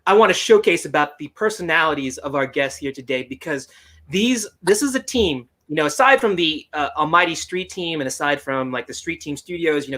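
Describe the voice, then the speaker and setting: High, bright-voiced male podcast host. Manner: animated, laughs often, joking. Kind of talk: casual chat over video call.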